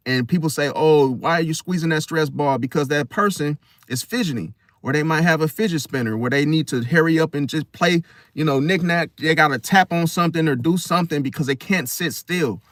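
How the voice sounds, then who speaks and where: A man hosting a casual astrology talk, animated and slangy, often acting out other people in high voices. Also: fairly quick, few pauses, dry recording, studio quality. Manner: slangy, addresses listener as bro. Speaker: astrology video host. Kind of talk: casual spoken monologue.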